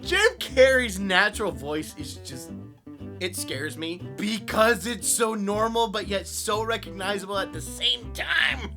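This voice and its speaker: A man's voice: high-pitched, over music. A young man, a voice actor, chatting casually and self-deprecatingly about practicing impressions. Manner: animated, self-deprecating, quick laughs. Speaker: voice actor and YouTuber. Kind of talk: casual vlog commentary.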